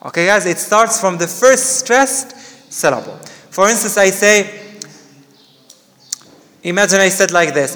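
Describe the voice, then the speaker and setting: A man teaching a class, explaining slowly and quizzing students with questions. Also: high voice, lively intonation, sharp tone, long reverb tail. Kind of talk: classroom lecture.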